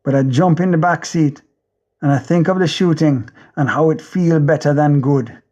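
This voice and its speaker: A man's voice: a little high, normal speed, warm tone. Intense Jamaican man narrating an audiobook. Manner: intense, rhythmic, driving repetition. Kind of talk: first-person audiobook narration.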